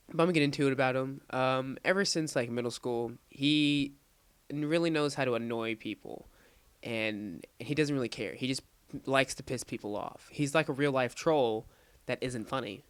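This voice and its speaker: A man's voice: medium pitch, clear, resonant tone, no echo. A young man in his late teens casually telling a rambling, crude story over gameplay footage. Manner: rambling, crude, animated retelling. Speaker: gaming commentator.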